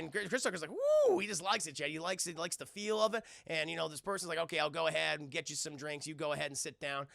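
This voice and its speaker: Gravelly, bright-voiced male streamer. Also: sits high, no room sound, clean studio sound. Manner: profane, animated, acts out quoted lines. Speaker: streamer reviewing a film. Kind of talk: casual movie recap to live chat. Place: home streaming setup.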